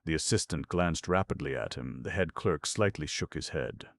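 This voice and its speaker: A man narrating a classic novel as an audiobook in a measured storytelling voice. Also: rumbling low, no echo, studio quality.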